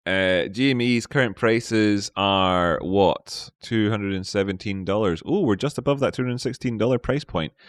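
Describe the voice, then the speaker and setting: A man's voice: low voice, no echo, studio quality. A man hosting a live market analysis stream, playful, chatting with viewers and talking to himself. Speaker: trading stream host.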